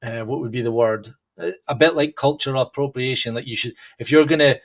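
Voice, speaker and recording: A British man in his thirties co-hosts a podcast, chatting casually and rambling with many restarts. His voice is mid-range and fairly quick.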